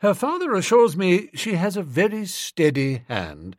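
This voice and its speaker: A man's voice: high voice, wildly swooping pitch, dry recording, clean studio sound, voice pushed up, heavily acted. A man playing a composed, formal valet. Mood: measured. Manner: measured, formal and polite. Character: deferential, composed male valet, dignified.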